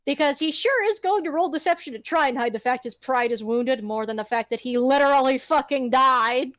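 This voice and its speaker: A woman's voice: high voice, a little fast, a bit bright, no room sound. A woman narrating a tabletop game as the game master. She rambles expressively and swears casually.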